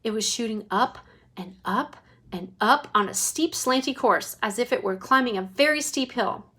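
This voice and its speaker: A woman reading a children's chapter book aloud to her child, lively and expressive. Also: fairly high pitch, normal speed, slightly rough. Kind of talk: bedtime read-aloud.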